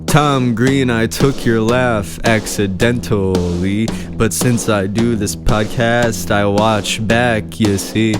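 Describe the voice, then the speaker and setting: A man's voice: fairly low pitch, steady tone, takes it slowly, hardly any pauses. A man hosting his own podcast alone, rambling in a casual, chatty way as he talks to the camera. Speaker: podcast host. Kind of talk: casual solo podcast chat. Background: music playing.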